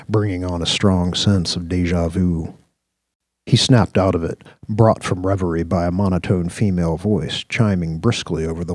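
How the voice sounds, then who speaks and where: A man narrating a science-fiction radio story in a measured, descriptive way. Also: sits low, a little mellow, no echo. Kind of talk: scripted audio-drama narration.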